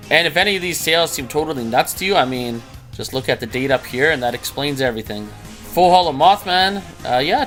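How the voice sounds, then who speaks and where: Pitched in the middle range and slightly bright, his voice carries casual commentary laid over a screen recording. The collector and channel host reviews his own old card purchases with chatty disbelief, frequently chuckling at his own choices.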